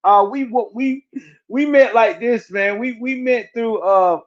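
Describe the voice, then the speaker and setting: Man telling his story, muffled audio. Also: very high-pitched. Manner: halting, repeats words, Southern US speech. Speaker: interview guest. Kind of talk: personal storytelling in casual chat.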